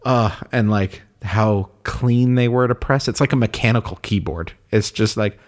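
A man with a somewhat low voice talks in a loose, rambling way. He fills his sentences with "like" and laughs often, as a podcast co-host in casual chat. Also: normal speed.

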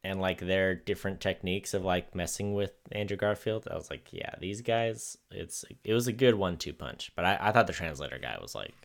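A man's voice: sits low, expressive, brisk, vocal fry, few pauses. A man co-hosting a podcast in casual chat, talking in a rambling, laid-back way with plenty of fillers. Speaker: podcast co-host.

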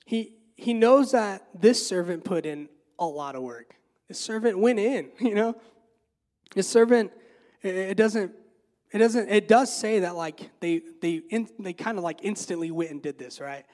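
Guy preaching like he's just chatting, kinda high voice, lots of "like" and "you know". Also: a little slow. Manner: animated, filler-heavy, repeats words, asks rhetorical questions. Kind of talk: conversational sermon.

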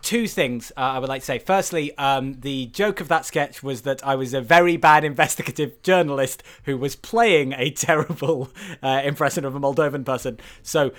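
A man co-hosting a podcast in casual chat, animated and laughing often, with excited protests. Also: mid-range voice, moderate pace, few pauses. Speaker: podcast co-host.

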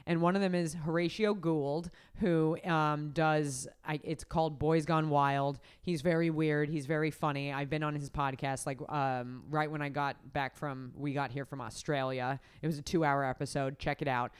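A woman hosting a podcast, telling a story in casual chat, full of fillers and quick laughs. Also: sits low, fairly even intonation, clear, resonant tone. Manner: rambling, filler-heavy, laughs often. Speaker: podcast host. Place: podcast recording setup.

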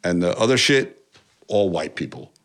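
A man from New York, a musician, talking in a casual interview, animated, swearing often and rambling with many restarts. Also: low-pitched, normal speed. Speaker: musician guest.

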